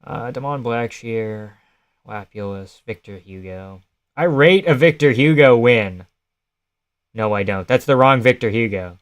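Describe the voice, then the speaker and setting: A man's voice: mid-range voice, lively intonation, a little slow, smooth. A young man on a casual live stream, chatting loosely and swearing while he reacts to fights and answers his chat.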